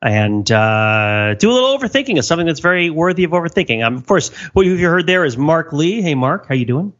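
A man hosting a casual podcast with a lively, wandering voice that rises and falls a lot. He talks in a wry, rambling way, and the recording sounds a bit dull and muffled. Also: on the high side, fairly quick. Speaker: podcast host. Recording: slightly muffled podcast audio.

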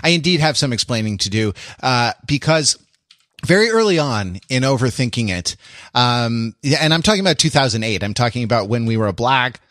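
In a clean studio recording with no echo, a male podcast host speaks fairly quickly and expressively. His voice sits at medium pitch with a fairly bright tone, and his casual chat wanders, stopping and restarting with many fillers.

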